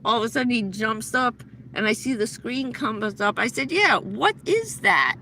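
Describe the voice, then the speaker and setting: A middle-aged woman with a bright, clear voice spins a long story on her livestream, stumbling and restarting as she goes. A faint vehicle hum runs underneath. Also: a little high, fairly even intonation, normal speed, rough recording. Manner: rambling, breathless anecdote with many restarts. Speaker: livestream host. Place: inside a vehicle.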